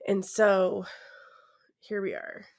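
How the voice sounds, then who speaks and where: A woman's voice: medium pitch, flat delivery, slow. A tired young woman hosting her own podcast in casual chat, awkward and self-deprecating, laughing often and trailing off into fillers. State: tired, yawning. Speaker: podcast host.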